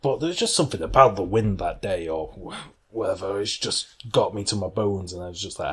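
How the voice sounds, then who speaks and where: A man's voice: fairly low pitch, very animated, slightly rough. A man co-hosting a podcast, telling rambling anecdotes in loose, casual chat that often breaks off and restarts. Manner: rambling, self-interrupting anecdotes with quick laughs. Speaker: podcast co-host.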